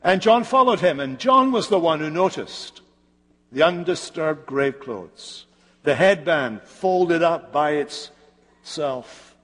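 Male preacher, slightly high voice, slow dramatic sermon delivery, reverberant hall. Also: expressive, a bit bright. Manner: slow, dramatic storytelling with pauses.

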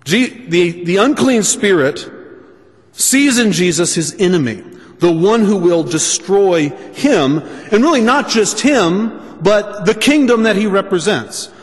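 A man preaching a sermon, speaking deliberately and restating his points for emphasis. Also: high voice, animated, big-room sound.

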